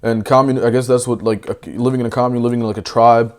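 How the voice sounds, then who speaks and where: Young man, mid-pitched voice, brash, profane, heated debate talk. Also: flat delivery. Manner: brash, profane, slangy, swings loud and fast. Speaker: debate panelist.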